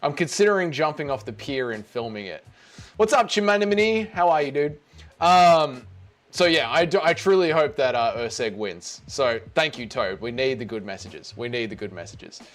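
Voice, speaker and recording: A man's voice: mid-range voice, lively intonation, moderate pace. Rambling Australian man streaming live. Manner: rambling, chatty, greets viewers by name. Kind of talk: casual live stream chat.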